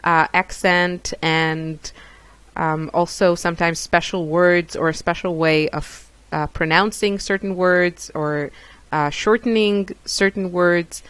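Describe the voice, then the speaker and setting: Israeli woman vlogging, lowish smooth voice, dry close sound, lots of ums and uhs. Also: fairly even intonation, takes it slowly, a bit bright, no room sound. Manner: hesitant, self-deprecating, many fillers. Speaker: craft YouTuber. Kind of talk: casual chat to camera.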